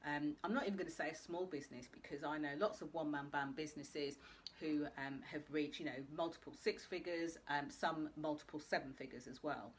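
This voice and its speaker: A woman hosting a live video talk, speaking straight to her viewers in a chatty way. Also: low voice. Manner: chatty, addresses viewers directly. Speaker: host.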